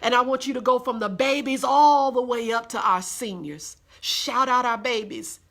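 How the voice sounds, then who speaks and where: A woman leads a live devotional sermon in a high, bright voice. She talks to her listeners in a folksy, encouraging way, calling them honey and baby. She laughs often and repeats her phrases for emphasis. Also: moderate pace. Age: adult with a day job. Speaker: host of a weekly live devotional.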